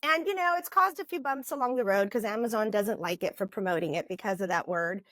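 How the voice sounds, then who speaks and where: A woman in her fifties, a guest author, telling her story in a lively, casual interview with frequent "you know"s. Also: mid-range voice, fast, dry recording. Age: 50s.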